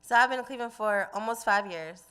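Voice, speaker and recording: A woman's voice: medium pitch, quick pace, bright, forceful tone, smooth. A young woman from New Jersey, a singer and guest, chatting in an outspoken, chatty way. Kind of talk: casual interview chat.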